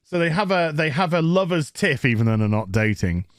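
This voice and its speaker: A man's voice: a little high, sing-song, a little fast, dry recording, studio quality. A man with a Northern English accent recapping a TV episode in a crude, mocking rant, putting on silly voices for the characters. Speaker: TV show reviewer.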